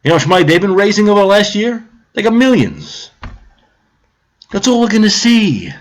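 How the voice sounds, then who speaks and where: A man's voice: sits high, sing-song, brisk. A man ranting on a live stream about politics, heated, sarcastic and profane, repeating his points.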